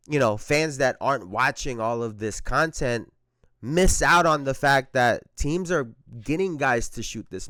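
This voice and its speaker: A man hosting his own basketball commentary, talking his opinions through in a conversational, emphatic way. His voice sits at an ordinary middle pitch. The sound is close and dry, with no room behind it. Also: a bit bright, no room sound.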